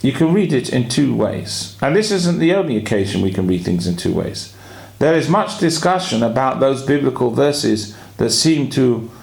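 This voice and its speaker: A rabbi giving a weekly sermon, explaining his points in a measured way with drawn-out pauses. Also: fairly high pitch, creaky.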